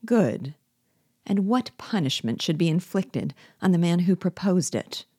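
A woman's voice: fairly low pitch, lively intonation, a little slow, warm tone, breathy edge, dry recording, clean studio sound, pitched above the performer's own voice. A woman reading the part of a cold, sardonic male rebel general, mocking and commanding. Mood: scornful.

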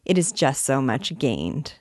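A woman voicing a dry, cynical male courtier in a storybook reading, wry and measured. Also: mid-range voice, very animated, no room sound.

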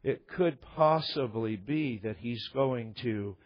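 A man preaching a sermon, voicing frightened, hesitant male disciples in a low, quiet mumble; dull lo-fi recording. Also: takes it slowly. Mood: fearful, doubtful.

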